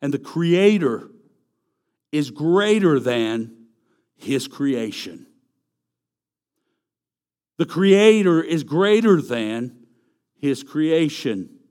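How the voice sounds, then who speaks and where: A man's voice: a little high, sing-song, extremely slow, pauses often, a little mellow. A man preaching a sermon, emphatic and repeating key phrases for stress. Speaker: pastor.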